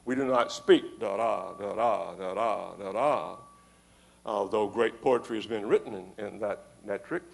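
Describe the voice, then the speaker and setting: A man giving a conference lecture on poetry, measured and emphatic, reading verse aloud with marked rhythm. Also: fairly low pitch, gravelly, breathy edge. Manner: measured, emphatic, stresses rhythm and tapping out meter. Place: lecture hall.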